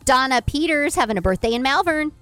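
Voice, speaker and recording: A woman co-hosts a radio morning show, chatty and bright as she runs down the birthday list. Her voice sits high. A quiet music bed plays behind her in the studio. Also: expressive, quick pace, no room sound. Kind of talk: upbeat radio banter. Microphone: studio microphone.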